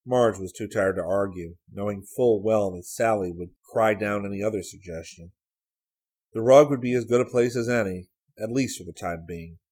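A man narrating a story for an audiobook in a measured, even way. His voice sits low and carries a husky grain throughout. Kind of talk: scripted narration.

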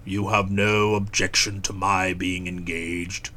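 A woman reading an audiobook who voices a gruff, touchy young Englishman, answering in guarded, curt replies. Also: very deep voice, little pitch movement, slow pace, bright, forceful tone, pitched below the performer's own voice, exaggerated voice. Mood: defensive. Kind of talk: audiobook character voice.

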